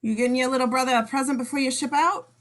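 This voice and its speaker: A man's voice: extremely high pitch, fairly even intonation, rapid-fire, a bit bright, voice pushed up. A man voicing a chatty, friendly old male shopkeeper in a script reading, in a raised voice.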